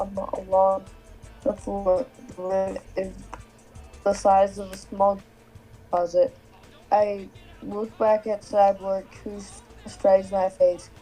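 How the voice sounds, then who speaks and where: Woman guest reader, flat and mellow, halting delivery, faint music behind. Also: mid-range voice, poor audio. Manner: halting, stumbling reading. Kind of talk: reading fanfic aloud.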